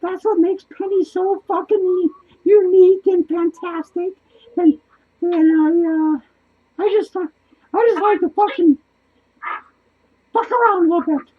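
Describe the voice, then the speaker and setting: Casting: lonely, manic, foul-mouthed clown, squeaky and very high, in a muffled lo-fi home recording. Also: male voice, a little slow, pauses often. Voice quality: squeaky, swears constantly, laughs wildly. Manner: excitable, rambling, loses his train of thought. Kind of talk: comedic character monologue. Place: small cluttered home studio indoors.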